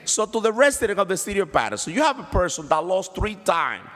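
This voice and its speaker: Male councilman, fired-up floor speech, slightly high voice, long chamber reverb. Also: very animated, fast, fairly bright tone. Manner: impassioned, combative, repeats phrases. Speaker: city councilman.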